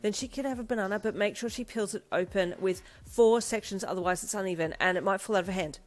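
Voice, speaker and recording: A woman's voice: medium pitch, soft background music, natural voice. A woman voicing a frazzled, fussy young mother who rattles off instructions in a hurry. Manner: hurried, rattling off lists.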